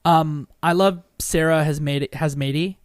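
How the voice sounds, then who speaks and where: A man's voice: a little high, steady tone, measured pace, smooth, no room sound, studio quality. A man co-hosting a casual game podcast, rambling with a lot of "like" fillers. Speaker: podcast co-host. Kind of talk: casual chat about a video game.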